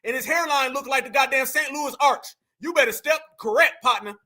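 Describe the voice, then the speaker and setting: A man giving brash, slangy, mocking reaction commentary, taunting and sometimes bursting into shouts. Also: very high voice, a little fast.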